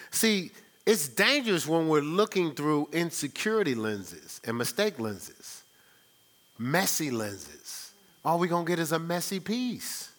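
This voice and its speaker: Middle-aged male pastor preaching, slightly high voice, very animated pitch, casual and teasing with the congregation. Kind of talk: sermon.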